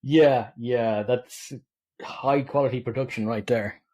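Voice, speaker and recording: A man's voice: medium pitch, steady tone, slow, dark tone. A man co-hosting a podcast, chatting casually about a film with dry, wry remarks. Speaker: podcast co-host. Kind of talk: casual movie review chat.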